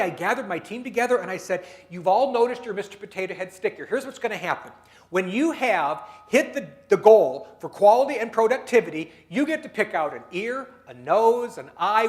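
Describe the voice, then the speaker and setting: A man giving a storytelling business talk at a dinner meeting, acting out the dialogue of the people in his stories. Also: high voice. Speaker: keynote speaker.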